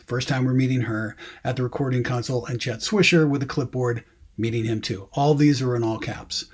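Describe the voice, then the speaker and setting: A man with a husky, slightly breathy voice explains screenwriting in a relaxed lecture. He talks conversationally, with plenty of ums and dry, wry asides. His tone stays loose and unscripted. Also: mid-range voice. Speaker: screenwriting teacher. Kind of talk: casual classroom lecture.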